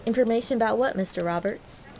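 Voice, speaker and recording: A woman's voice: fairly high pitch, quick pace, darkish tone, close to an everyday voice. A woman playing a sassy female customer service agent with sugary phone politeness. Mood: polite.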